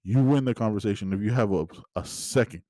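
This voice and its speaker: Male podcast host, low-pitched, exasperated rambling movie-review rant, dry recording. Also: a little fast, dark tone, dry recording. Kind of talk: casual solo movie review.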